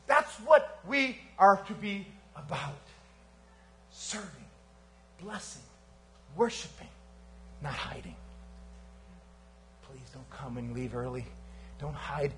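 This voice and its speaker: A man preaching a sermon as pastor at a church service, swinging from fervent emphasis to hushed, quiet lines. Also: high voice, unhurried, pauses often. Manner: animated preaching with sudden quiet drops.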